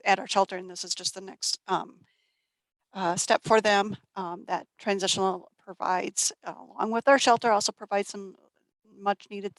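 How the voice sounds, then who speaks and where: A woman from a family shelter group speaking at a community event, halting and full of fillers and restarts. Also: medium pitch, a bit bright, no room sound, rough recording. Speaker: nonprofit shelter staff. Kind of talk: community presentation.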